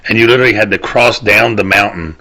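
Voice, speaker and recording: This podcast host speaks fast with a fairly low pitch and a bright, forceful tone. His casual ranting monologue wanders along, peppered with curses and his own laughter at the stories he tells.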